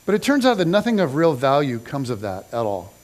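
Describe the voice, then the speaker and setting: A middle-aged man preaching a sermon in a casual, conversational storytelling style, acting out the people in his story with lively slang. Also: medium pitch, brisk. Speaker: pastor. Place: church stage.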